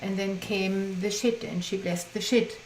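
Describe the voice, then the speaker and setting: A woman's voice: mid-range voice, steady tone, measured pace, darkish tone. A woman teaching in her groups, interviewed while she tells a story in an earnest way, with many restarts. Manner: earnest, many restarts, acts out quoted speech. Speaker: guest, teacher of imagination groups. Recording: roomy echo, faint background noise.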